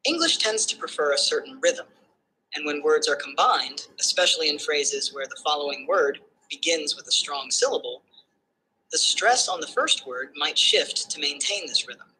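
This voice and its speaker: A synthetic assistant voice explaining phonetics like a tutor, in calm, structured steps that end by checking understanding. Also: medium pitch, moderate pace, a little hiss or hum, low-quality recording.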